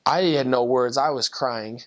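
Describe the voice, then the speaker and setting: Man, mid-pitched, earnest and halting, retelling a missionary testimony. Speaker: former missionary. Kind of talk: personal faith testimony story.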